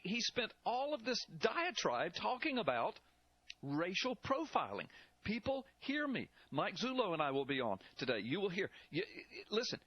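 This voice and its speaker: Man, talk radio host, indignant monologue, slightly high voice, muffled broadcast sound. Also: no room sound. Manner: emphatic, indignant, preacher-like cadence.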